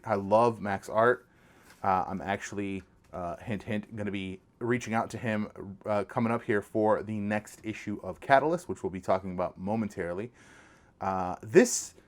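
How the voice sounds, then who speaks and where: A man hosting a casual podcast, showing off items with eager, rambling enthusiasm and lots of restarts. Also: medium pitch. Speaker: podcast host. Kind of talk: casual podcast show-and-tell.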